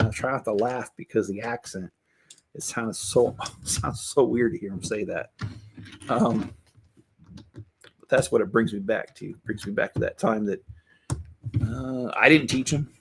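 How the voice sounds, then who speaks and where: A man's voice: mid-range voice, vocal fry, fairly bright tone, slight background noise. A middle-aged man talking casually and candidly as he builds, rambling with many restarts and asides. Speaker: Lego builder and channel host. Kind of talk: casual chat while building.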